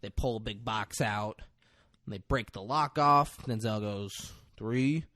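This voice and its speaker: A man, co-hosting a casual podcast, retelling a film scene by scene and acting out the lines in loud bursts. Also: lowish voice, a little slow, no echo. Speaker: podcast co-host recapping a film. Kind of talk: casual chat.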